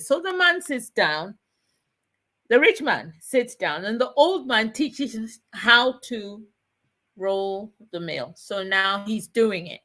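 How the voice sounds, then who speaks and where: Slow, deliberate woman storyteller. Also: medium pitch, animated, pushed and bright. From Ghana. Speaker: chat show host. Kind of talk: storytelling with a moral.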